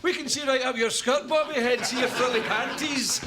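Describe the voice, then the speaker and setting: A Scottish actor playing a teasing old pensioner in a sitcom. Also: male voice, very high-pitched, moderate pace. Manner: teasing and wry. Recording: sitcom audio with background noise.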